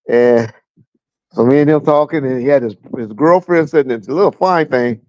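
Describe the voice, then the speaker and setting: A man's voice: medium pitch, brisk, darkish tone, dry recording, dull audio. A middle-aged man from Southern California, a guest telling blunt, profane stories about his police years in a casual livestream chat, chuckling as he goes. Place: at home with a fan running.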